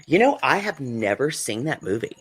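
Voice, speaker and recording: A man's voice: mid-range voice, big pitch swings, normal speed, breathy edge. A man co-hosting a podcast from home, giggly and rambling with plenty of fillers. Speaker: podcast co-host. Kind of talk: casual chat.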